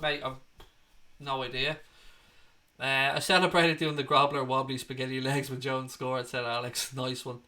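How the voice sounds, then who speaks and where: An Irish man in his 30s with a mid-range, pushed, bright voice hosts a casual fan-channel livestream. He reads out the live chat comments and jokes back at viewers, full of banter and swearing.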